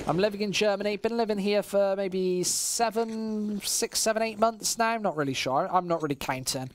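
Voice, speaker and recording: Man, West Midlands accent, esports caster, solo live stream, chatty, flares up loud on big plays. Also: high voice, normal speed. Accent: West Midlands English. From West Midlands, England. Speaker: esports commentator. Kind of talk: solo live-stream play-by-play commentary, reading chat.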